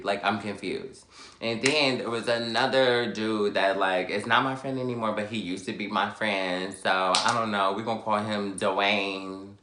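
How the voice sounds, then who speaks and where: A young man vlogging, telling a personal story in a sassy, animated, dramatic way. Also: lowish voice, moderate pace. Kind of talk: casual storytelling. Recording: echoey room, faint background noise.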